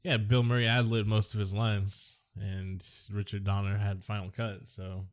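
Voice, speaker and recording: Joking low-voiced man on a movie podcast. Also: little pitch movement, moderate pace. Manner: jokey, rambling, silly impressions. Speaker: podcast co-host. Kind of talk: casual movie podcast chat.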